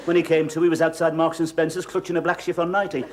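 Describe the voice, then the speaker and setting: An actor playing a miserly, nosy middle-aged landlord who stammers and wheedles, in a 1970s studio sitcom. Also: male voice, on the high side, flat delivery, fast talker, natural voice. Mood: blustering. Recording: noisy old TV soundtrack.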